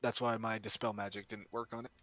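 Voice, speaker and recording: A man playing in a tabletop game over voice chat, excitable and swearing, with the hiccups. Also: on the low side, fairly quick. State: has the hiccups. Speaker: player.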